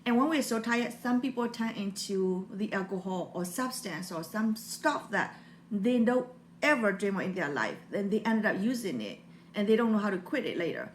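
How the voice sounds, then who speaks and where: Woman, 40s, Burmese accent, mid-pitched, earnest and heartfelt, non-native phrasing, motivational vlog talk. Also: animated, normal speed, a little hiss or hum. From Burma. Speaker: motivational vlogger.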